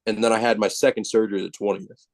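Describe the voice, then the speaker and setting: A man telling a personal story as a podcast guest, casual, animated and self-mocking, with plenty of profanity. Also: on the low side, quick pace, no room sound.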